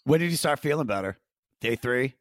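A man's voice: medium pitch, a little fast, no echo, studio quality. A man telling a wild story in casual podcast chat, acting out the voices of the people in it and swearing freely. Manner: animated, acts out quoted voices, swears freely. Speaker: podcast co-host.

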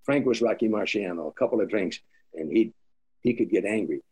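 An older man with a fairly low voice, telling stories as an interview guest. He acts out the lines of the people he quotes and often stammers and restarts his sentences. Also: brisk, darkish tone, husky. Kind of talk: storytelling interview.

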